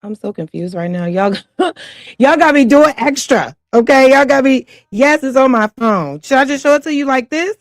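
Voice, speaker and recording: Chatty and flustered, a livestream host keeps laughing as she talks casually with her audience. She has a high voice with lively intonation and speaks at a normal speed. There's no echo.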